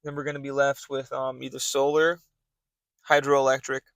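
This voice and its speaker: On a dry recording, a young man hosts his podcast in a completely flat, slightly bright medium-pitched voice at normal speed. He rambles loosely, piling up fillers and restarting sentences.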